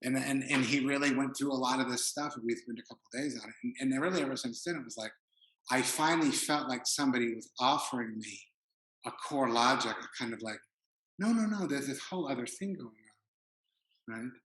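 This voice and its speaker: A man gives a dharma talk in a loose, chatty way, stacking "like" and restarting his sentences. His voice sits at a middle pitch. The hall around him adds a roomy echo. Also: steady tone, fast talker, fairly bright tone. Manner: casual, rambling, many "like" fillers. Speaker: meditation teacher. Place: retreat hall.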